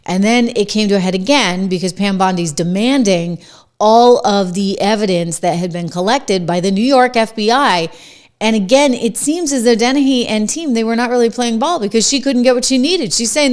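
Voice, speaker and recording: A woman's voice: mid-range voice, a little mellow. Emphatic woman host with New Hampshire accent. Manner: emphatic, conversational, quick asides. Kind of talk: political commentary to camera.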